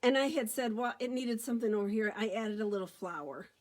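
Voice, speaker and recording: A woman's voice: a little high, fast talker. A middle-aged woman demonstrating card-making on a casual live stream, chatty and upbeat, greeting viewers by name as she talks into her phone.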